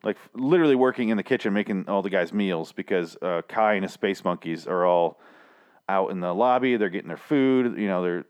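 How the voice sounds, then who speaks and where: A man with a somewhat low voice hosts a review podcast in a loose, casual way. He rambles, swears freely, and keeps restarting his sentences with fillers. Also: brisk, smooth. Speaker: podcast host reviewing a TV series. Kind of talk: casual chat.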